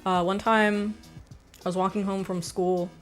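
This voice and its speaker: A young American woman livestreaming in a casual chat, rambling and animated, swearing often and reading out viewer comments. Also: medium pitch, measured pace, faint music behind. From United States.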